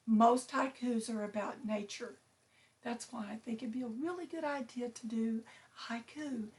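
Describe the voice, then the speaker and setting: A woman teacher reading a picture book aloud to her students, slow and clear, stressing each syllable. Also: a little high.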